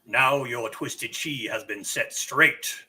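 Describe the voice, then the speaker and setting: A man voicing a solemn, bearded old kung fu master who speaks slowly and gravely in a game. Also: medium pitch, bright, forceful tone, voice pushed down, exaggerated voice.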